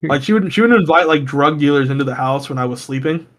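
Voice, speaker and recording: High-voiced young man telling wild stories. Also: fast. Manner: profane, animated storytelling that jumps high when quoting. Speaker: podcast co-host. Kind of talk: casual storytelling chat.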